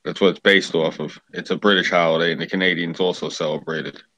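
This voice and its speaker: A man's voice: deep voice, steady tone, fast, sharp tone, no room sound, low-quality recording. A man chatting casually in a dry, matter-of-fact way. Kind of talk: casual chat.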